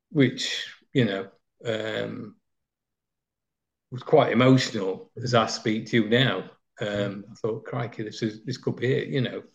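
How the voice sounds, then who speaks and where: A creaky, mid-range voice carries a Nottinghamshire, England man's memories of football. His interview is anecdotal and meandering, thick with fillers, and the recording comes across slightly dull and lo-fi.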